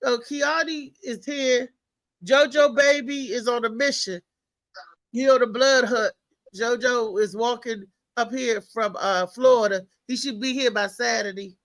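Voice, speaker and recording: High, slow-talking woman show host. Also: no echo, rough recording. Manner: animated, laughs often, slangy. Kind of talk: casual live show chat.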